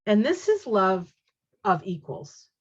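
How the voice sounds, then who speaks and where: A woman giving a casual tarot reading, chatty and excitable, reacting aloud to each card as she turns it. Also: mid-range voice, slow pace, slightly rough. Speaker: tarot reader. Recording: dull lo-fi sound.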